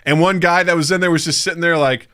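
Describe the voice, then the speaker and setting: A man's voice: a little high, quick pace. A man co-hosting a podcast, telling stories casually and acting out the people in them. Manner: animated storytelling, acts out quoted voices. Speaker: podcast co-host. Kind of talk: casual chat.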